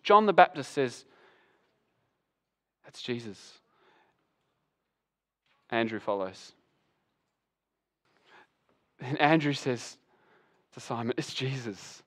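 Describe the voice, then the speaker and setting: A man preaching a sermon as pastor, animated and acting out the voices of Bible figures. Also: fairly high pitch.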